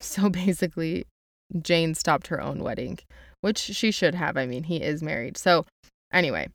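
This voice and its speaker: A woman's voice: low-pitched, moderate pace, creaky, no room sound, studio quality. A young woman summarizing a novel in a chatty, casual way, with lots of "like" and quotes read aloud. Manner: chatty, uses "like" a lot, reads quotes aloud.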